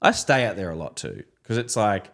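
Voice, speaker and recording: A man in his thirties, a podcast co-host from Australia, telling a long story in casual chat and jumping into high voices when he quotes people. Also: big pitch swings, a little fast, gravelly, a bit bright.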